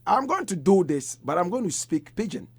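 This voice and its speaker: Animated Ghanaian reggae artist, dry sound. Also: male voice, high-pitched, fairly quick, vocal fry, breathy edge, no echo. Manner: animated, street slang like "brethren" and "yeah, man". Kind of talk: casual radio interview.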